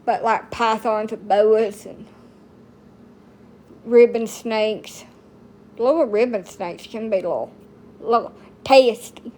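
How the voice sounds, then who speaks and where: Woman, blunt, folksy slang, rambling casual chat, slow, fairly high voice. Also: darkish tone. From United States. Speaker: TikTok streamer.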